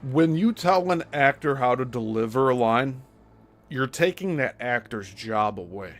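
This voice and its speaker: A man's voice: mid-range voice, lively intonation, unhurried, soft background music. A man hosting a show, giving critical, explanatory commentary on a script. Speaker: host.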